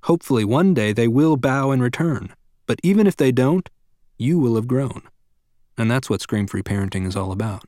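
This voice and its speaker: Lively, earnest man narrating. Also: mid-range voice, no room sound, clean studio sound. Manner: earnest, measured, addresses the listener directly. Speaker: audiobook narrator of a parenting book. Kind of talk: scripted nonfiction narration.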